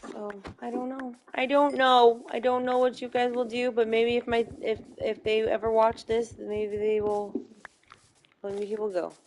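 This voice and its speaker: A woman's voice: fairly high pitch, little pitch movement, measured pace, a little mellow, a little hiss or hum. A young woman chatting casually while playing a game, telling stories with lots of fillers and giggles. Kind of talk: casual chat while gaming.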